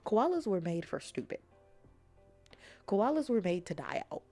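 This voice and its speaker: A woman streamer in a casual, rambling chat, playful and often dropping into soft whispers. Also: mid-range voice, sing-song, moderate pace, faint music behind.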